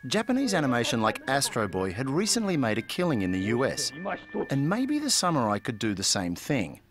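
A man giving scripted documentary narration in a clear, storytelling way. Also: medium pitch, wildly swooping pitch, brisk. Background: music.

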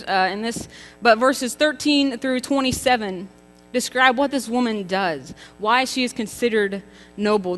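Female preacher, 30s, bright tone, chatty and emphatic, long hall reverb. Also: fairly high pitch. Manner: chatty and emphatic, with rhetorical questions to the congregation. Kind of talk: contemporary church sermon. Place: church sanctuary. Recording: reverberant church hall with faint music.

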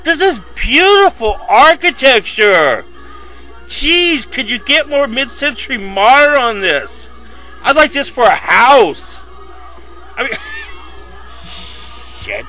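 A man vlogging casually, rambling and bursting into loud mock shouts. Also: extremely high pitch, wildly swooping pitch, slow, pauses often, faint music behind. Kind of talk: casual vlog commentary.

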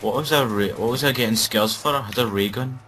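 While playing a game, a Scottish gaming commentator trades joking, sarcastic banter in casual chat. His medium-pitched voice is quick and fairly bright, captured on a low-quality recording.

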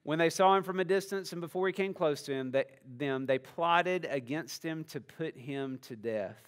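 A man's voice: fairly high pitch, moderate pace. Conversational man preaching. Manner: conversational, asks the congregation questions. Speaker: pastor. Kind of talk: sermon.

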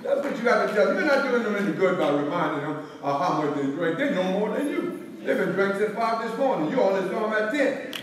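A man's voice: high-pitched, lively intonation, fairly quick. A man pastor teaching a Bible study, preaching in a repetitive, rising and falling cadence. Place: church hall. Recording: echoey hall, from far off.

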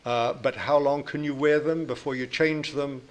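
A man with a New Zealand accent answers audience questions at a lecture, talking in a measured, explanatory way. His voice sits at an ordinary middle pitch, and he often restarts his sentences as he works through a point. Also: steady tone. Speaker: invited scientist answering questions.

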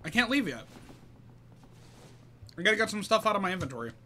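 A man's voice: sits high, very animated, a little fast, pushed and bright, a little hiss or hum. A man streaming a game, chatting casually, thinking aloud and greeting viewers by name. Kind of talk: casual live-stream commentary.

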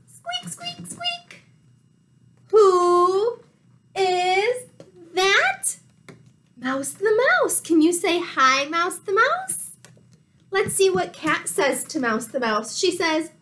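A woman teacher reading a picture book aloud to young children, animated and full of gasps. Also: very high voice.

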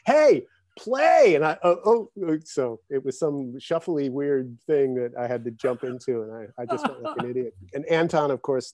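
A man's voice: medium pitch, dry recording, studio quality. A man, a guest drummer, telling stories with lots of laughter in a casual chat over a video call. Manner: animated storyteller, laughs often. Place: home, in Connecticut.

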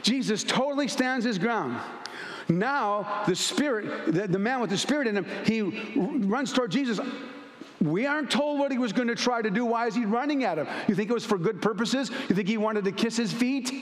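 Emphatic high-voiced male pastor. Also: lively intonation, normal speed. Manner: emphatic, storytelling with acted asides. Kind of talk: sermon. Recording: echoey church hall.

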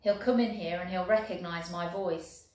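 Woman doing a gentle young soldier, soothing, earnest, echoey room. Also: fairly low pitch, normal speed, natural voice. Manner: soft, soothing talk to a horse. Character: gentle young male soldier groom, devoted.

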